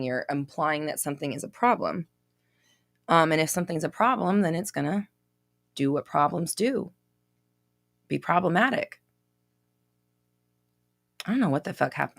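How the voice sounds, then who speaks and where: A woman's voice: low-pitched, creaky, a bit bright. A woman hosting a casual live question-and-answer stream, reading viewer comments aloud and answering in a blunt, profane way.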